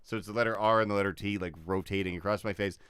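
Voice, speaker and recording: A man's voice: lowish voice, steady tone, rapid-fire, a bit bright, clear, resonant tone, no room sound, clean studio sound. A man, a comedian guest, telling a story casually on a podcast, swearing freely, laughing often and acting out other people's lines. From Chicago area.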